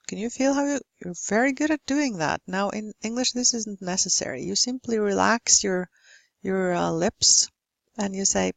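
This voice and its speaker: A woman with a Norwegian accent giving a pronunciation lesson, saying example words slowly and carefully. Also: medium pitch, gravelly, no room sound. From Norway. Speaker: English pronunciation teacher.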